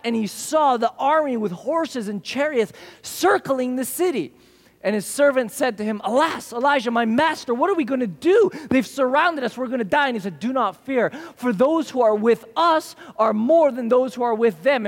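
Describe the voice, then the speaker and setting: High-voiced preacher in a hall. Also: male voice. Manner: storytelling, acts out quoted voices. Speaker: pastor. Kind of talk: sermon. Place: church service hall. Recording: church hall reverb.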